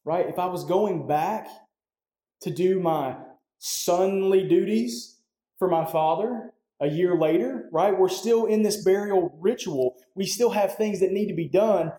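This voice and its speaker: A man delivers a sermon in a loose, conversational way, tossing in "right?" after his points. His voice sits somewhat high for a man but sounds mellow and warm. The sound carries a roomy echo, as though the sermon is picked up in a church hall. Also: a little slow. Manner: conversational, often tags "right?". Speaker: pastor.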